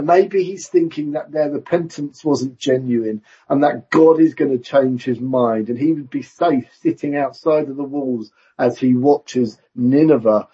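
A man preaching a sermon in a church, measured and conversational with self-aware asides. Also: medium pitch, dark tone, breathy edge. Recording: dull lo-fi recording.

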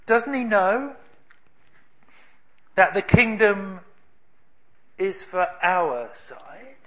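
A man preaching a sermon, telling a story in an emphatic way with dramatic pauses. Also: high-pitched, very animated, fairly bright tone.

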